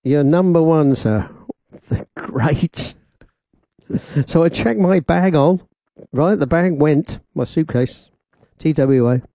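A male radio presenter in the studio spins a rambling anecdote in chatty fashion, complete with laughter and quoted voices, using a studio microphone and headphones. His voice sits on the high side, slow and gravelly with a dark tone and long pauses, and there is no room sound.

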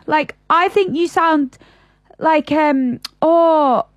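A woman's voice: high-pitched, drawn-out words, no room sound, lo-fi sound. A woman with a Northern English Yorkshire accent, co-hosting a radio show in chatty, playful banter and drawing out her vowels. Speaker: radio co-host. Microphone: studio microphone.

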